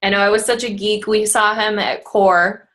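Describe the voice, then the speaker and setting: A woman telling a story in a casual chat, excitable and giggly. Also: mid-range voice, moderate pace.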